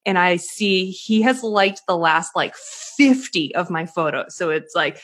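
Woman host chatting, quick little reactions, mid pitch. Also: fairly bright tone. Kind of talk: casual chat.

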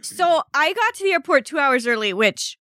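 A woman's voice: high voice, sing-song, normal speed, pushed and bright, no room sound, studio quality. A woman co-hosting a podcast, telling a story in a casual, chatty way and laughing often. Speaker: podcast co-host.

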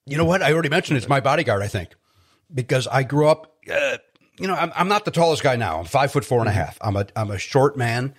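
A man, telling stories as a podcast guest in an animated, joking way. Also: mid-range voice, husky. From South Side of Chicago. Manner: animated storyteller, quick jokey asides. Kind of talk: casual chat.

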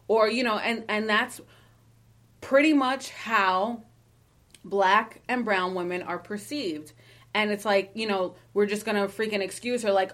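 A woman co-hosting a podcast, speaking at a medium pitch with emphatic conviction. She swears freely and breaks into laughter often. At times she reads a listener's letter aloud. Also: normal speed, fairly bright tone. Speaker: podcast co-host. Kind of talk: casual podcast chat.

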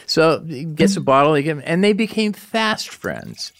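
A man's voice: fairly high pitch, wildly swooping pitch, normal speed, vocal fry, a bit bright. A man in a documentary interview, telling an anecdote in an amused, chatty way. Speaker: interviewee, storyteller.

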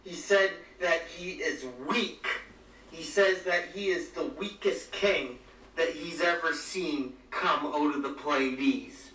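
A man's voice: on the high side, slow pace, bright, forceful tone. A British man co-hosting a comedy podcast, delivering a theatrical mock rant full of faux outrage. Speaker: podcast co-host. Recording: roomy, distant mic, faint noise.

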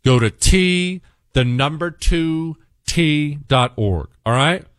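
Taking it slowly, a male radio talk-show host delivers a sarcastic, opinionated rant and earnest sponsor reads, shifting between mocking high tones and a low pitch. His voice is clear, resonant, and a bit bright with lively intonation, recorded dry in clean studio sound.

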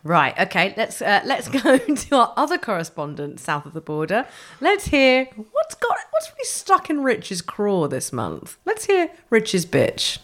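A woman's voice: mid-range voice, wildly swooping pitch, measured pace, hardly any pauses, fairly bright tone. A woman co-hosting a podcast, chatting wryly and teasing her co-host. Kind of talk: casual chat.

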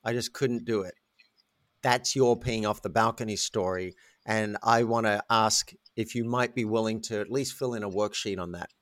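A man telling a candid, self-mocking story as a guest in a podcast interview, with lively animated delivery. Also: on the low side, moderate pace, no echo, clean studio sound. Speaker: guest, coach.

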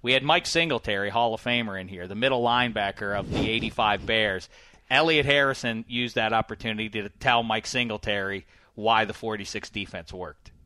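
A man's voice: lowish voice, brisk. Boisterous man hosting football talk. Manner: boisterous, jokey, swings loud. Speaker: podcast host. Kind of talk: casual sports talk. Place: studio.

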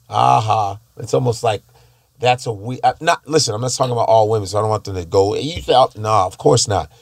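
A man's voice: on the low side, brisk, vocal fry, dry recording, clean studio sound. A man chatting casually, rambling and laughing easily, often restarting his sentences. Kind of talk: casual chat.

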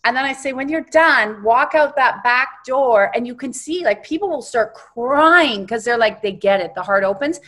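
A woman reverend, a guest on an interview show, telling a spiritual guided exercise with emphatic, animated storytelling. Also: fairly high pitch, moderate pace, few pauses.

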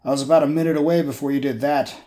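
A man's voice: fairly high pitch, fairly even intonation, very fast, dark tone, lightly acted. Grumbling, irritable man, read by a man in his own voice. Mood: irritated. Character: irritable man doing a rough procedure.

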